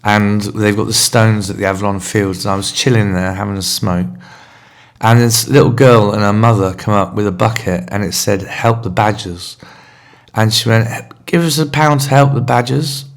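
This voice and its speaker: Guy on his podcast, fairly low voice, rambling and frank, confessional storytelling. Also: level tone, normal speed. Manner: rambling, candid, self-searching. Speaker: podcast host.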